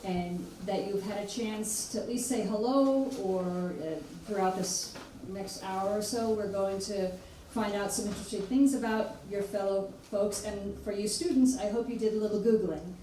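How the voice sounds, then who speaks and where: A woman moderating a panel, encouraging the students in a measured way. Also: mid-range voice, fairly even intonation, warm tone, slight background noise. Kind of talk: addressing students. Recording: distant mic in an echoey hall.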